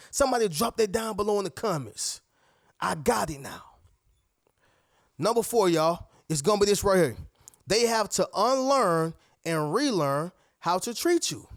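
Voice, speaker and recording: A man's voice: dry recording, studio quality. A man hosting a motivational video, talking emphatically to his viewers and often acting out what other people would say. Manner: emphatic, preachy, addresses viewers as "y'all" and "family"; acts out other people's lines in a higher voice. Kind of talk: motivational talk to camera.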